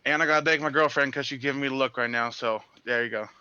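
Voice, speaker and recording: A man's voice: medium pitch, fast, pushed and bright, clean tone, dry recording, lo-fi sound. A man, a sim race driver being interviewed, eager and rambling, laughing easily. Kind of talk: casual interview.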